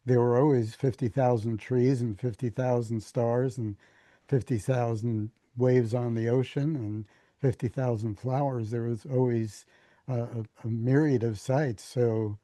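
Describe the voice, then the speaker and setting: Older teacher guy, deep dark mellow voice, slow halting answers, very dry close sound. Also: fairly even intonation, no room sound. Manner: slow, halting, repeats words, dry humor. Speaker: spiritual teacher, author. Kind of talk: reflective conversational answers.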